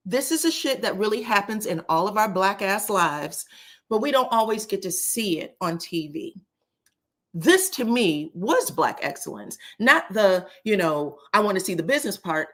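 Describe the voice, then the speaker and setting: A woman doing casual live-stream commentary, chatty and animated, talking straight to her chat. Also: medium pitch, normal speed. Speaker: livestream commentator.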